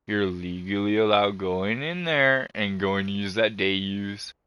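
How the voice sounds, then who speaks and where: A man's voice: fairly low pitch, unhurried, clear, resonant tone, dry recording, lo-fi sound. Profane ranting man. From Canada. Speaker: vlogger. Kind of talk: casual rambling monologue.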